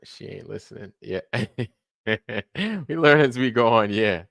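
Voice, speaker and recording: A man's voice: mid-range voice, animated, slow, vocal fry, a bit bright, dry recording, clean studio sound. A man hosting a late-night livestream, rambling casually and profanely while answering viewers in the chat. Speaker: livestream host.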